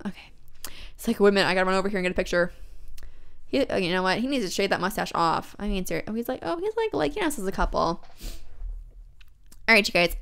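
A young woman talks through her game in a chatty, excitable way, full of fillers. Her voice sits a little high and sounds bright and crisp, though her nose is stuffed up from a cold. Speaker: let's play host. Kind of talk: casual gameplay commentary.

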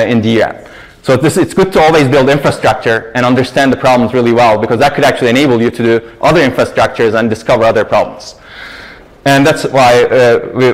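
A man's voice: medium pitch, low-quality recording. A man giving a university lecture and taking audience questions, emphatic and explanatory, often stressing his points. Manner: explanatory, emphatic, leans on "actually". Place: lecture hall.

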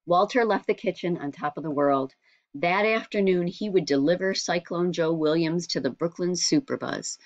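A woman narrating an audiobook in a measured storytelling manner. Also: fairly low pitch, no room sound, muffled recording.

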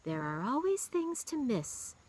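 A woman voicing a kind, soft-spoken farm woman in a storybook reading, speaking gently and encouragingly. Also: fairly high pitch, big pitch swings, a little slow, slightly rough, voice pushed up, heavily acted. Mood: gentle. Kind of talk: storybook read-aloud.

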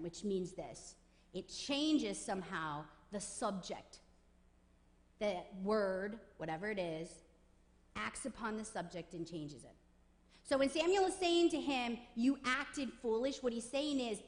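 A woman preaching a sermon with emphatic delivery, building to forceful peaks on repeated phrases. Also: mid-range voice, lively intonation, unhurried. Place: church sanctuary. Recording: long church reverb.

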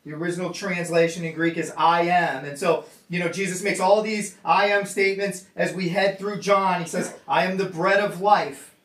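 A man's voice: high-pitched, steady tone, normal speed, a bit bright, roomy sound, far from the mic. A man preaching a sermon in an earnest way, often repeating and restarting his words. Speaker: pastor. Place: church gathering room.

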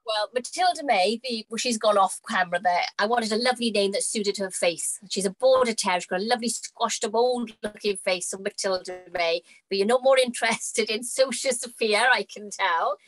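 An English woman guest telling an animated anecdote in a casual chat. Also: medium pitch, moderate pace, few pauses, dry recording, poor audio. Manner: animated, tells anecdotes with quoted dialogue. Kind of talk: casual storytelling.

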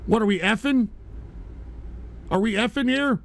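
A man hosting a live stream, reacting to other streams with crude, excitable, cursing commentary. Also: extremely high pitch, normal speed, vocal fry. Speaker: streamer host.

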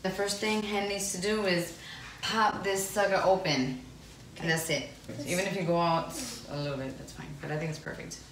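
Mom with a low voice, blunt and motherly, echoey room, phone far away. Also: steady tone, normal speed, background noise. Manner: blunt, motherly, advice-giving. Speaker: vlogger's mother. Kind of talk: casual chat.

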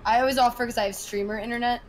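A playful, chatty woman in gaming voice chat, her voice pitched a little higher than most. She jokes with her teammates over a headset. A faint hiss sits under her voice. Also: steady tone, racing. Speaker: streamer. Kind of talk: casual voice chat while gaming.

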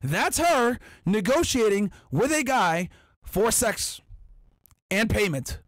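A man's voice: sits high, big pitch swings, takes it slowly, fairly bright tone, no room sound, studio quality. A man hosting a podcast, reading out viewer chats and answering them in an emphatic, combative, profane way. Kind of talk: casual podcast chat.

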